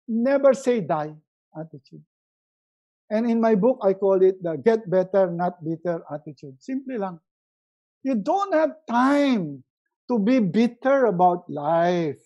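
A man giving a lively motivational webinar talk, repeating words for emphasis and swinging between loud and hushed delivery. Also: high voice, low-quality recording. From Philippines. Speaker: resiliency coach.

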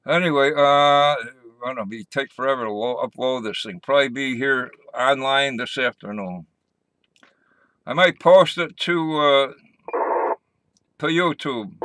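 A man chatting slowly and loosely through a casual vlog, cracking silly jokes and laughing at his own lines. His voice is bright and forward, and the sound is dry and close. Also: mid-range voice, dry recording, low-quality recording. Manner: goofy, jokey, laughs at himself. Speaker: vlogger.

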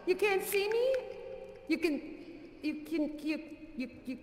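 A woman's voice: very high voice, animated, a little slow. An actress playing a bubbly, gushing showgirl dancer who hosts a live variety show and keeps breathlessly thanking her guests. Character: bubbly effusive female showgirl dancer host. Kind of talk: live virtual reality theater performance. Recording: echoey hall with faint music.

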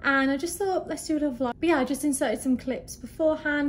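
A young woman in her twenties chatting excitedly in a casual travel vlog, a little out of breath, showing off her hotel room. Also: high voice, fast talker, slight background noise. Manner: chatty, bubbly, easily excited. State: slightly out of breath. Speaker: vlogger. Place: hotel room in hot weather.

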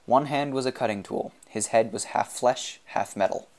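A man narrating an audiobook in a measured, expressive reading. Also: medium pitch, creaky. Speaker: audiobook reader.

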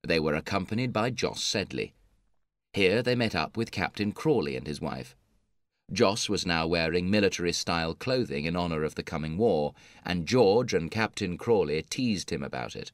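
Deep-voiced male story narrator. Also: animated, no room sound. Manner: measured, clear reading. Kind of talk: scripted story narration for English learners.

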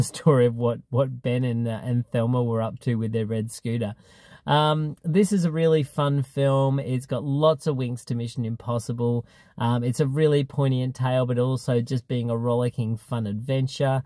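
A man's voice: mid-range voice, dark tone, no echo. Man, film reviewer, casual, hesitant, lots of ums, in a car, dry sound. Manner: hesitant, many ums and restarts.

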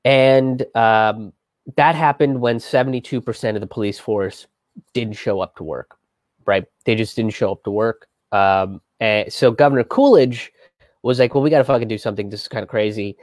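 A man hosts a live history and politics show, telling the story loosely and chattily with lots of fillers, restarts, swearing and acted-out quotes. His medium-pitched voice is a little mellow, with no echo.

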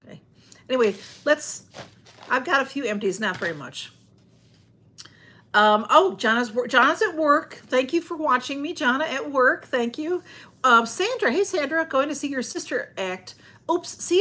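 Lady rambling on a home livestream, kinda husky, a bit high. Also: expressive, moderate pace, sharp tone. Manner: rambling, chatty, greets viewers and reads comments aloud. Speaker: livestream host. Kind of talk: casual livestream chat.

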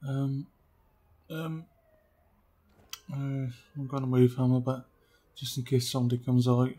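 A man giving casual gameplay commentary, chatty and often dropping to quiet muttering as he sneaks around. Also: mid-range voice, little pitch movement, unhurried. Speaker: let's play gamer.

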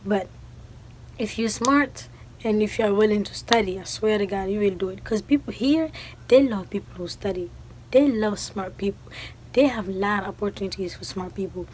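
A woman's voice: medium pitch, moderate pace, poor audio. A woman in her twenties from Guinea, chatting casually to camera and acting out the exchanges she tells about. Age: 20s. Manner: animated storytelling, acting out quoted exchanges. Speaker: vlogger. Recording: faint background noise.

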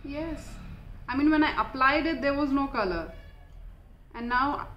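A woman's voice: high-pitched, a little slow, roomy sound, dull audio. A young woman with an Indian accent, chatting casually in a beauty unboxing vlog, mixing English and Hindi. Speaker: beauty vlogger.

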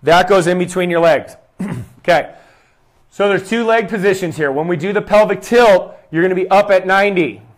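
A man's voice: sits high, normal speed. A young man, a fitness coach, leading a guided exercise session, counting reps aloud and giving short, upbeat cues. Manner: talks quietly to avoid shouting into the mic.

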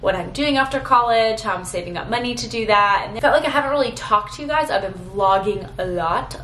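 A woman's voice: mid-range voice, a bit bright, echoey room, a little hiss or hum, poor audio. A woman in her twenties talking to the camera in a sentimental, rambling vlog, close to tears and full of fillers. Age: 20s. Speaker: vlogger.

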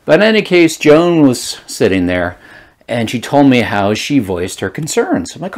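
A man's voice: mid-range voice, huge pitch swings, moderate pace. A man from Rhode Island telling a playful story in a vlog. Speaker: vlogger.

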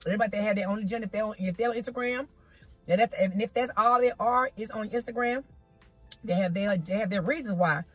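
Woman vlogger, breathy middle-pitched voice, chatting over food outdoors into her phone, faint music behind. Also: fast talker. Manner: chatty and folksy, drawls "child" and "y'all"; talks while eating. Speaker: vlogger eating on camera. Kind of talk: casual chatty mukbang vlog. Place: outdoors in a parking spot. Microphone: phone camera.

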